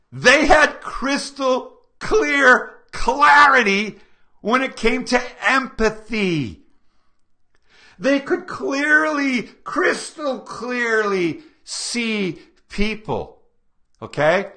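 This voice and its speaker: Lively high-voiced man lecturing a class. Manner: energetic, asks the audience rhetorical questions. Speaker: seminar presenter. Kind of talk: live lecture to a small audience.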